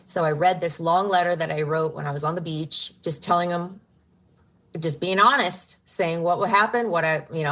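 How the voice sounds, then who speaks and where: On the low side and a little slow, the woman's voice carries a slight brightness. As a radio personality and podcast guest, she tells her story in an interview earnestly and emotionally, with outbursts of laughter and exclamations.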